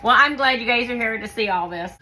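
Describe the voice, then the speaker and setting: A woman hosting a home canning video, chatting casually through a how-to demonstration in her kitchen and gushing with excitement as she works. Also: a little high, fast, slight background noise, low-quality recording. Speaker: home canning channel host.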